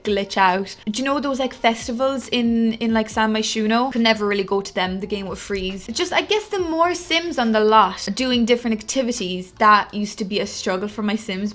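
A woman's voice: medium pitch, fairly bright tone. A young woman chatting through casual gameplay commentary as a gaming YouTuber, gushing and chatty. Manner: gushing, chatty, with many "like" fillers.

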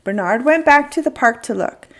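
A woman reading a children's picture book aloud as a storyteller, with expressive, gentle narration. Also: a little high, moderate pace.

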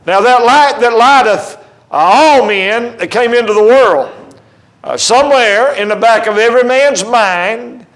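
A man's voice: very high-pitched, a little slow, fairly bright tone, low-quality recording. A man preaching a sermon in a church, emphatic and full of stories and quoted dialogue. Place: church sanctuary.

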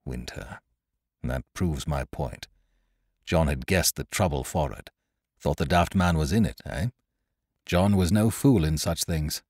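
A man voicing a stern, shrewd ship's captain who gives curt, hushed orders in a storybook reading. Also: a little slow, pauses often, husky, no room sound, studio quality, heavily acted. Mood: urgent. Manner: commanding, curt, low and hushed.

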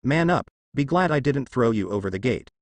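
A man's voice: medium pitch, expressive, a little fast, dry recording. A man voicing a cocky teenage male ninja in a storybook reading, in his own plain voice. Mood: offhand.

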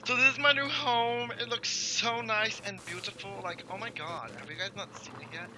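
Man, high lively voice, swearing, joking horror-game commentary, noisy recording. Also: normal speed. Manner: profane, swearing often; jokey, reacting aloud to a horror game. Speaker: gaming YouTuber. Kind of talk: casual Let's Play commentary.

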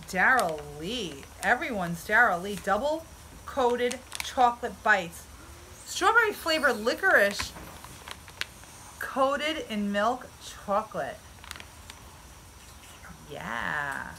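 A woman's voice: medium pitch, expressive, slow pace, vocal fry, long pauses, pushed and bright, slight background noise, poor audio. A woman from the United States chatting enthusiastically outdoors in a casual unboxing vlog. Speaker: vlogger.

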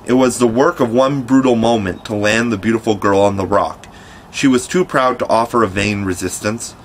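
A man narrating an audiobook with a fairly low voice. His reading is measured and steady, in a classic storybook manner. A faint hiss sits behind him. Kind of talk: scripted narration.

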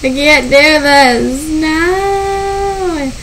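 A woman giving gameplay commentary as a channel host, excitable and panicky, often squealing and laughing. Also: high-pitched, extremely slow, slight background noise, low-quality recording.

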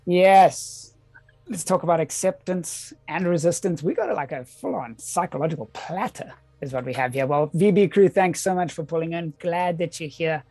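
A man's voice: fairly high pitch, expressive, brisk, few pauses, a little mellow, no echo. Upbeat man hosting a video call. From South Africa. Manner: enthusiastic, welcoming. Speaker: host of an online group gathering. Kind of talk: casual group video call.

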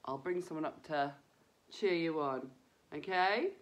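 A woman leading a children's breathing lesson, talking gently and encouragingly straight to the kids. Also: low-pitched, unhurried.

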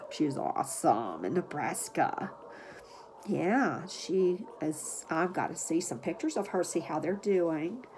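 A woman with a lowish voice narrates while she tends to puppies. She chats casually to viewers and coos gentle baby talk at the dogs, with faint household noise behind. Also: lively intonation, measured pace. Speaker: dog breeder.

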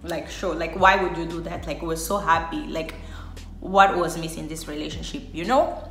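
A woman's voice: low voice, steady tone, normal speed, fairly bright tone. Chatty young woman in an echoey room. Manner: chatty, heavy use of filler "like". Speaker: vlogger. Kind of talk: story time vlog.

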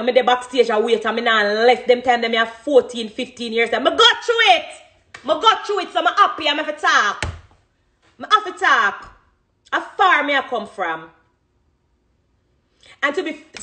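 A woman's voice: fairly high pitch, fairly bright tone. A woman in her thirties with a Jamaican accent, a dancehall artist giving an impassioned, emphatic monologue and repeating phrases for emphasis.

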